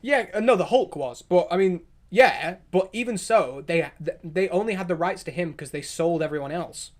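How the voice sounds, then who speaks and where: Excitable higher-voiced male streamer. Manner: excitable, rambling, quick restarts and opinionated asides. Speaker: livestream host. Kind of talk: casual livestream chat, reacting to viewer comments.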